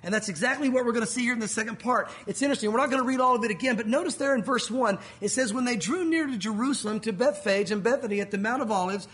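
A man preaching a sermon, telling the story with animated energy and acting out the crowd's shouts. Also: extremely high pitch, rapid-fire, few pauses. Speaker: pastor.

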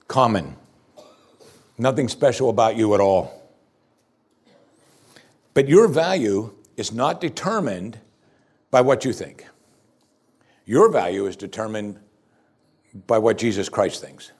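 A male pastor delivering a sermon, building to loud, emphatic repeated declarations. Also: medium pitch, breathy edge.

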